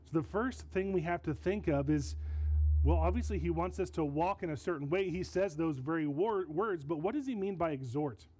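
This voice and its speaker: A male pastor delivering a sermon with a slightly high but warm, mellow voice. He teaches earnestly and stresses his points, often doubling back on a word. He speaks into a microphone in a church. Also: normal speed, low-quality recording. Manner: earnest, emphatic teaching with repeated words. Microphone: handheld or stand mic.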